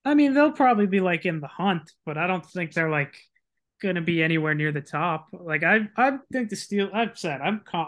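A man's voice: a little high, a bit bright. A man co-hosting a casual sports podcast, hedging his opinions with many "like"s and "I mean"s. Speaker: podcast co-host.

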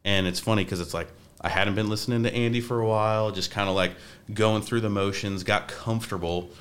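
A man's voice: on the low side, steady tone, fairly quick, a bit bright. A young man, a podcast guest, talking casually in a rambling way with many restarts. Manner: rambling, restarts often, says like a lot.

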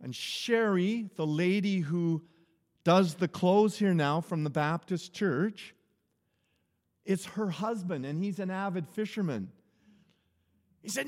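A man, a pastor, telling a humorous personal story in an animated sermon. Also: high-pitched, a little slow. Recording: echoey hall.

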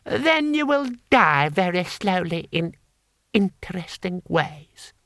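A man's voice: sits high, big pitch swings, slow, vocal fry, a bit bright, no room sound, studio quality, voice pushed up, full character voice. Lord Hong, a man doing a sneering noble. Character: haughty male noble lord, cold and sneering.

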